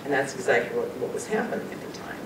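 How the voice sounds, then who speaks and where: A woman's voice: very animated, fast. A woman giving a talk and telling a personal story in an earnest, conversational way, sometimes emotional. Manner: earnest, conversational, often laughs and quotes people. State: emotional, choking up at times. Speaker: guest speaker sharing personal experiences. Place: meeting room at a talk. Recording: far-off echoey room with rumble.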